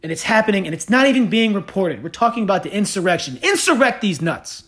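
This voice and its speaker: A man's voice: sits high, big pitch swings, fast talker, a bit bright. Man, podcast host, ranting monologue, profane, sarcastic, heated.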